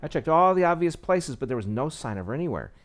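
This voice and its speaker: A man's voice: fairly high pitch, very animated, fast. A man reading a visual novel aloud, with small slips and asides, saying he is losing his voice. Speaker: game narrator.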